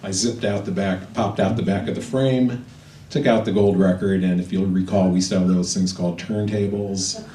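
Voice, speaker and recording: A man's voice: low voice, fairly even intonation, moderate pace, mellow. A man, once a roadie and later a record producer, telling a playful anecdote on stage and chuckling as he goes. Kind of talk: stage anecdote to a live audience. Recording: roomy, distant stage mic with music.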